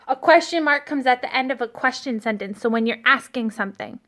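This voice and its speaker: Young kindergarten teacher lady, high voice, slow and gentle, talking to little kids thru a phone in an empty classroom. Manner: gentle, slow and encouraging, talks to small children. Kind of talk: remote lesson to young children. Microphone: phone set down in front of her.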